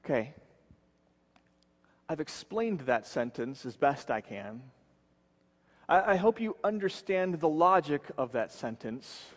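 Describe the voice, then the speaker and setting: A man preaching a sermon as pastor, earnest, slowing and dropping his voice low to stress key words. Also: very animated, in a large hall. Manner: earnest, slows and drops low for emphasis.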